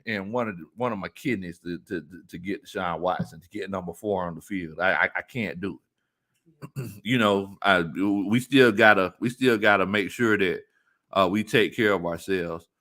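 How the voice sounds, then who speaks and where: A man hosting a casual sports talk stream, reading viewer comments aloud and laughing often. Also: moderate pace. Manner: animated, laughs often, jumps into high-pitched squeals. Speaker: sports talk show host.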